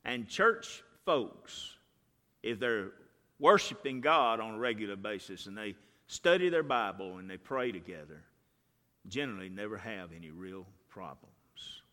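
Male preacher, folksy sermon voice, animated pitch, echoing hall. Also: measured pace. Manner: folksy storytelling, swings from hushed to shouting. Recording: reverberant hall.

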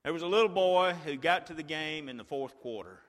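A man preaching a sermon, retelling a story like a play-by-play and swinging from a hush to a shout. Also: on the high side, animated, fairly quick, long reverb tail.

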